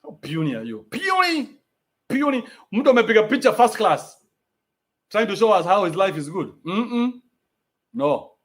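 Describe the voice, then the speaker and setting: A man's voice: sits high, sing-song, normal speed. A young adult man with a Kenyan accent, ranting bluntly in a profane, mocking livestream. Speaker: commentator. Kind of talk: livestream rant.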